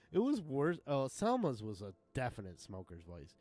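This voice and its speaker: A man's voice: fairly high pitch, big pitch swings, normal speed, hardly any pauses, a little mellow. A man streaming a game live who chats casually, rambling and swearing as he chuckles often, into a desk mic at a home setup.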